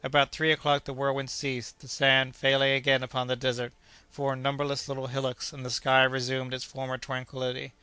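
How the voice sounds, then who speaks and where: Steady, forceful male audiobook narrator. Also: medium pitch, clean tone, no room sound. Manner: measured, steady reading.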